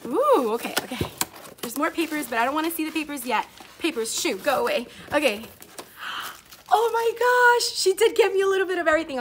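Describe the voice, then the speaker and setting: A young woman teacher vlogger unboxing gifts in a casual chat, gushing and excitable, often saying "like". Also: high-pitched. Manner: gushing, excitable, says like a lot. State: tearful, emotional.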